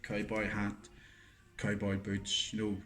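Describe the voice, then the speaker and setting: A man's voice: on the low side, monotone, takes it slowly, a bit bright. Rambling man telling a yarn. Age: middle-aged. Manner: rambling storyteller, full of fillers and swearing. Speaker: podcast co-host. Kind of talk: casual chat, anecdote telling. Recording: roomy echoey room.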